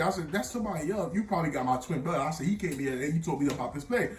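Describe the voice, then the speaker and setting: A young man telling an animated storytime tale full of slang, with bursts of laughter. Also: a little high, fast, few pauses, distant mic. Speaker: vlogger. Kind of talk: storytime vlog. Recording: echoey room, off-mic.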